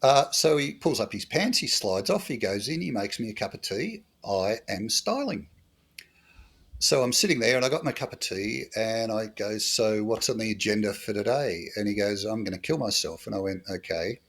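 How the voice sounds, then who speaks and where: A middle-aged Australian man with a low, deep voice tells stories from his years as a bush police officer. He is dry and humorous and says a lot of "uh" and "um" in an unhurried interview. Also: expressive, a bit bright, breathy edge. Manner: dry humorous anecdotes with fillers. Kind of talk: storytelling interview.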